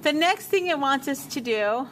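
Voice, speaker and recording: A woman teacher walking a class through a software task step by step, repeating menu names as she checks her work. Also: sits high, animated, moderate pace, slight background noise. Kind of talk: software tutorial walkthrough.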